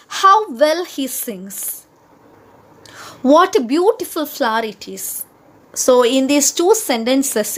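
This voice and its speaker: A woman's voice: high-pitched, a bit bright. A woman teaching a grammar lesson, spelling out each example word by word. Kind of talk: slow, deliberate grammar lesson.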